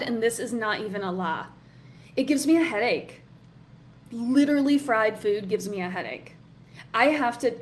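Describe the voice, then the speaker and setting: A woman's voice: a little high, slight background noise. A woman hosting a live online workshop as a coach, chatty and encouraging, reading out comments from the chat. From Southern US.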